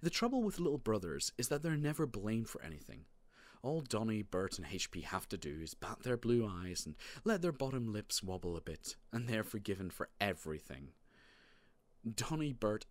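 A man narrating a children's storybook in the first person, wry and animated. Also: lowish voice, no echo. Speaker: audiobook narrator.

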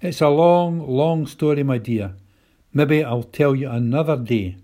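A man's voice: medium pitch, a little slow, dark tone, natural voice. A man voicing a proud, courteous old male tramp who speaks in a posh, formal way.

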